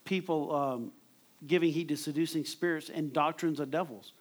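Conversational male preacher, slightly high voice. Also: steady tone, moderate pace. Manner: conversational, repeats words when stressing a point. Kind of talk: sermon.

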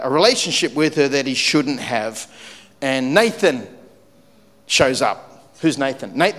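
A male pastor preaches a sermon, telling a story that swings lively between loud, punchy lines and low, quiet, weighty ones. The sound carries the echo of a big room.

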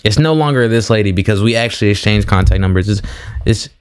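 A man's voice: on the low side, quick pace, clear, resonant tone. A young man hosting a podcast, casually retelling a personal story with slangy asides and frequent restarts. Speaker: podcast host.

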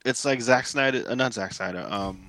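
A man's voice: medium pitch, a little fast, a bit bright, no room sound. A man co-hosting a podcast, bantering about an episode in casual chat and laughing easily. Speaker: podcast co-host.

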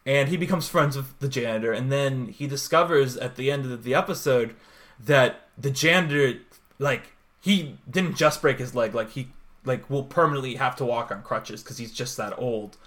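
Man, 20s, casual podcast chat, rambling, animated, fond of "like". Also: medium pitch, normal speed. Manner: rambling and animated, heavy use of "like", retells scenes with voices. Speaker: podcast co-host.

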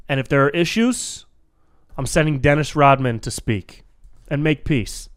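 A man's voice: mid-range voice, dry recording, clean studio sound. Rambling, profane podcast guy. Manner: casual, rambling, profane, says dude a lot. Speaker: podcast host. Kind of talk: freestyle solo podcast monologue. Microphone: podcast microphone.

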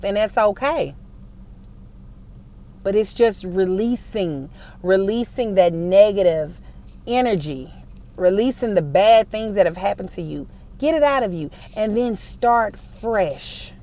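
A woman's voice: medium pitch, animated, unhurried, darkish tone. A woman hosting a motivational faith talk for her viewers and listeners, speaking emphatically and repeating phrases to rally them. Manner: emphatic, repetitive, rallying the audience. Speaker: host addressing viewers and listeners.

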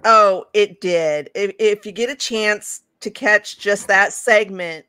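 Female co-host, mid pitch, halting and emotional delivery, dry close sound. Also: sharp tone, clear, resonant tone, dry recording. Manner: emotional, halting, repeats words. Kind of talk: casual podcast chat.

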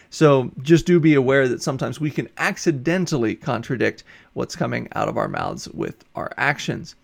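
A man's voice: mid-range voice, gravelly. A man who is a college instructor, giving a recorded lecture and explaining ideas step by step with examples, now and then correcting himself mid-word. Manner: explanatory, steady, gives worked examples. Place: recorded for an online course video.

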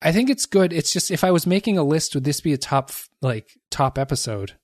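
A man's voice: a little high, animated, brisk, darkish tone, dry recording. Casual male podcast co-host, dry sound. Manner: reads listener comments, thanks patrons.

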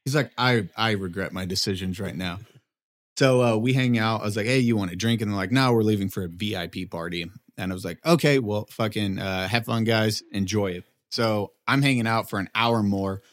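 A man in his thirties telling a story in casual chat, animated, acting out quotes in a raised voice, swearing and laughing often. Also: lowish voice, a little fast. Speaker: podcast co-host telling a story.

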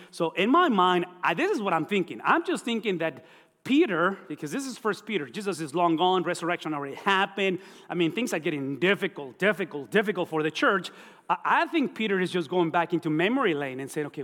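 Middle-aged pastor guy preaching, higher voice, repeats himself a lot, hall echo. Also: a bit bright. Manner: repetitive, pleading, emphatic preaching. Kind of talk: sermon. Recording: long reverb in a hall.

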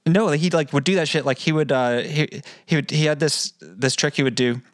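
A man's voice: a little high, normal speed, no echo, studio quality. A man co-hosting a podcast, telling a story in a rambling, casual way, swearing freely and restarting often. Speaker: podcast co-host.

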